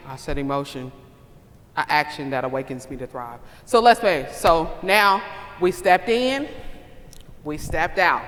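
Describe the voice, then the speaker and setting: A woman's voice: low voice, fairly bright tone, in a large hall. A woman giving a motivational conference speech, with an emphatic, repetitive, preacher-like cadence and questions thrown to the audience. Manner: calls out to the audience. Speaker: conference speaker. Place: conference hall.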